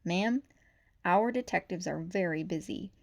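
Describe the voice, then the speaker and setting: Woman doing a gruff buffalo police chief. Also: fairly low pitch, a little slow. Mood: stern. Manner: curt, barking commands.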